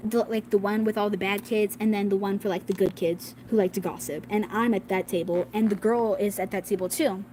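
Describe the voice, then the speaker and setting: A woman's voice: medium pitch, steady tone, brisk, few pauses, mellow, slight background noise, poor audio. A young girl telling a school drama story in a casual, rambling way, full of fillers, acting out what her classmates said. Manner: rambling, many "like"s, acts out quoted classmates. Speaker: vlogger.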